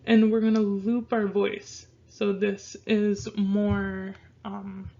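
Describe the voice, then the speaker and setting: A woman teaches a casual online language lesson at an unhurried pace, repeating each word several times so learners can practice. Her voice has a gravelly, creaky edge. The recording sounds dull and lo-fi. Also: mid-range voice, level tone, warm tone. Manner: slow, repeats words for pronunciation practice. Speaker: Spanish teacher.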